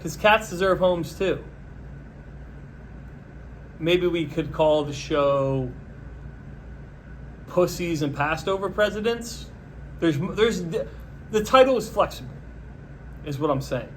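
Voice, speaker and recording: A man hosting a podcast, delivering a sarcastic, mocking solo rant in a deadpan pitching tone. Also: slow, pauses often, slight background noise. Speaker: podcast host. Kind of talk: solo comedic political rant.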